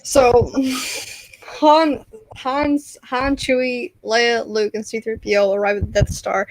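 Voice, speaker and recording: A woman's voice: fairly high pitch, flat delivery, takes it slowly, no echo, low-quality recording. A woman co-hosting a podcast in casual, playful chat, often laughing. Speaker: podcast co-host.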